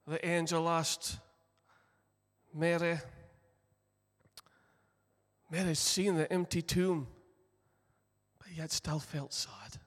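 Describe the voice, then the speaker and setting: A Scottish man preaching a sermon as pastor, telling the story earnestly with deliberate emphasis. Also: a little high. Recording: long reverb of a large hall.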